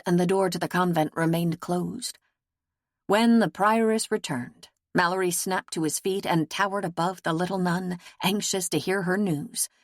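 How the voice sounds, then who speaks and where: A woman reads an audiobook in a measured, steady way with a fairly low voice. The recording is close and dry, with no room sound. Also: no room sound. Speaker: audiobook narrator. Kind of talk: scripted audiobook narration.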